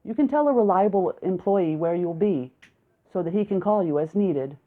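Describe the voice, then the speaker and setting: A bald, earnest village doctor who weighs every word, as a woman reads him in a storybook audiobook. The voice sits low and comes through a thin, phone-like line. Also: lively intonation, close to an everyday voice. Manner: measured and deliberate. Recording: narrow, phone-like lo-fi sound.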